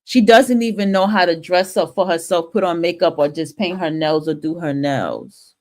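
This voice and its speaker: A woman's voice: fairly low pitch, moderate pace, a little mellow. A woman from the northern United States hosting a talk stream and giving a blunt, profane opinion monologue, often restarting her sentences.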